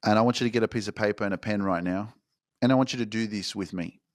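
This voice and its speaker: A man's voice: on the low side, fast, no room sound, studio quality. Fired-up, swearing motivational guy. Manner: profane, slangy, fired-up exhortation. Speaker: motivational podcast host. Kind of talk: casual motivational talk. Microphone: microphone.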